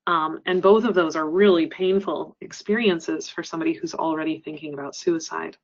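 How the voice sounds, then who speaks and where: A woman trainer giving a webinar presentation, explaining earnestly and often pausing with "um". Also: low-pitched, steady tone, highs cut off. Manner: earnest, explanatory, frequent ums. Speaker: crisis center trainer.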